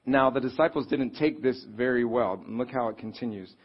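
A man preaching a sermon in a conversational, animated way, reading scripture and acting out quotes. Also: mid-range voice, fairly quick, husky. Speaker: pastor. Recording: slightly dull, lo-fi sound.

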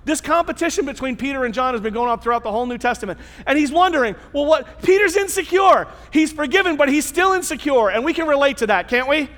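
A man's voice: extremely high pitch, expressive, quick pace, few pauses, a bit bright. A man preaching a sermon to his church in a conversational way, with rhetorical questions and emphatic repetition. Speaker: pastor. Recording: long church-hall reverb.

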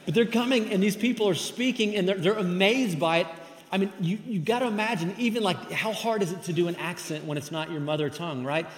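A man's voice: high voice, fairly quick. A man giving a sermon as pastor, emphatic and conversational. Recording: echoey hall with long reverb.

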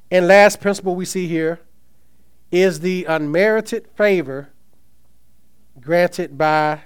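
A man's voice: fairly high pitch, clear, resonant tone. A man preaching a sermon, reading scripture aloud and asking the congregation questions with emphasis. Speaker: pastor.

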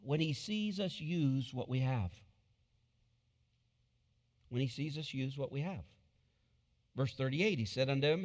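A man preaching a sermon, telling the story with animated delivery and repeated phrases. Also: mid-range voice, unhurried, long pauses, big-room sound. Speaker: pastor.

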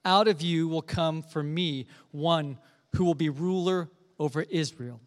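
Man, pastor, earnest storytelling sermon, slightly high voice, long hall reverb. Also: measured pace.

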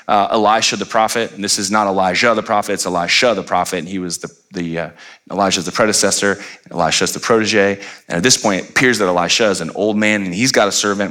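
A man preaching a sermon as pastor, animated, with playful asides and rising to near-shouts. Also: on the low side.

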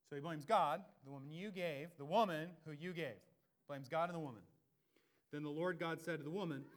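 Male pastor, 30s, animated sermon delivery, slightly high-pitched, acts out voices with big loud-to-soft swings. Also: fast.

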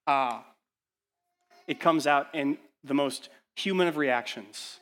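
A man pastor preaching a sermon in a church, urgent and full of rhetorical questions, dropping to hushed lines and rising to loud ones. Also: fairly high pitch, takes it slowly.

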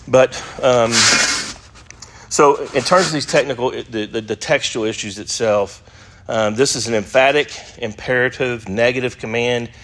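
A man's voice: mid-range voice, fairly bright tone. A man teaching an adult Sunday school class, talking conversationally with fillers and restarts and stressing key words with sudden emphasis.

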